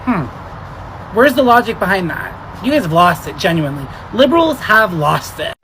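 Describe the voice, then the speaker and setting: A woman's voice: mid-range voice, very animated, moderate pace, music in the background, rough recording. A woman delivering an indignant vlog rant, firing off exasperated rhetorical questions. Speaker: commentator.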